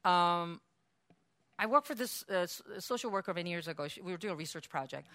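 A woman pastor preaching a sermon in a church, animated, acting out quotes and laughing often. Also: on the low side, fairly quick.

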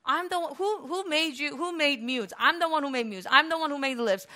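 A woman's voice: high-pitched, animated, a little fast, sharp tone, voice pushed up. A woman doing a stern, impatient God. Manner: firm, emphatic declarations.

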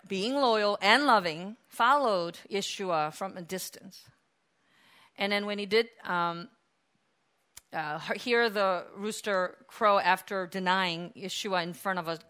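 A woman preaching a sermon, moving from quiet, reflective passages to loud, emphatic ones and acting out the quoted lines with drama. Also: medium pitch, a little slow, smooth.

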